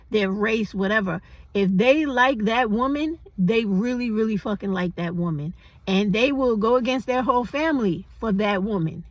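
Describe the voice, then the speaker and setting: A woman's voice: mid-range voice, dry recording, poor audio. A middle-aged woman, talking bluntly and preachily in a casual, profane opinion monologue. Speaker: commentary vlogger.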